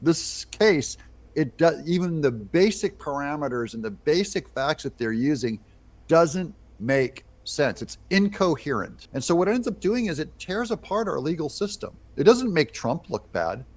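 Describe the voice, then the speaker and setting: A man's voice: fairly high pitch, big pitch swings, normal speed. A man giving emphatic, indignant political reaction commentary.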